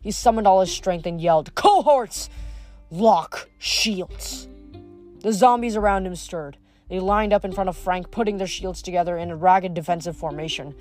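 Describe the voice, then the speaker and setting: A reader narrating a novel aloud in a steady, mid-pitched voice, now and then correcting a slipped word. Faint music plays underneath the whole time. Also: brisk. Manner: even, steady narration with small slips. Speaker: audiobook reader.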